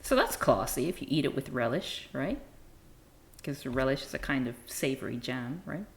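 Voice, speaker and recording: Low-voiced wry woman streamer. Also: expressive, moderate pace, gravelly, a little hiss or hum. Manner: wry, amused, self-deprecating asides. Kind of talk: live-stream comic reading.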